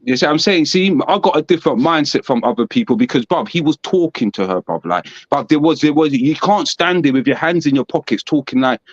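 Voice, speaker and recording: A man's voice: fairly high pitch, lively intonation, a little fast, few pauses, no echo, lo-fi sound. A man giving emphatic, slang-heavy opinions on battle rap in casual chat. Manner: emphatic, repetitive, peppered with slang.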